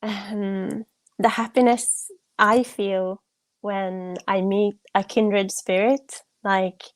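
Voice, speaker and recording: Woman podcast guest, mid-pitched, earnest and reflective, casual talk over a call, dry close audio. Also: little pitch movement, very slow, no room sound. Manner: earnest and reflective, with soft laughs. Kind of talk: casual conversation.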